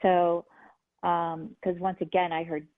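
A woman's voice: lowish voice, level tone, dry recording. Earnest woman on a tinny phone line. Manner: earnest, halting, with many restarts. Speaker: guest, healer and medium. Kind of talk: personal storytelling. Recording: phone-line sound, dry.

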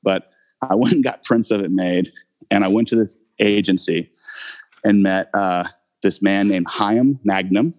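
A man telling a story about his early acting career in a relaxed interview, rambling with many fillers and frequent laughs. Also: fairly low pitch, a little slow. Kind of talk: casual anecdote in an interview.

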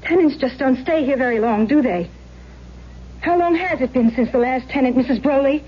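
An actress playing a probing young tenant. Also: female voice, sits high, moderate pace, a little hiss or hum, close to an everyday voice. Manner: curious, then probing and accusing. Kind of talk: 1970s radio drama acting. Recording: muffled 1970s radio drama recording.

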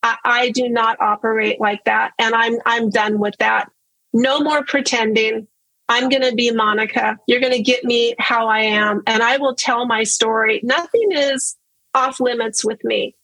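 Woman telling her story, kinda husky, higher voice, earnest and open, repeats herself for emphasis. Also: fairly even intonation, a little slow, bright, forceful tone, dry recording, poor audio. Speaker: guest sharing her story. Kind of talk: casual personal testimony.

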